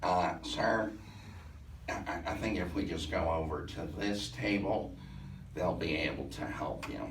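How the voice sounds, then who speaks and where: A man voicing a nervous young woman at a sign-in table, speaking softly and hesitantly with an odd vocal affect. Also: deep voice, a little slow, echoey room, distant mic, background noise.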